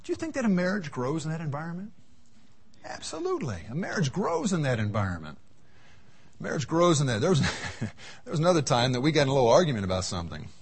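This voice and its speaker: Husky folksy preacher man, lively pitch. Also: fast talker. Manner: folksy storytelling, voices the Lord and his wife. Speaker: seminar speaker. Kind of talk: sermon with acted anecdotes.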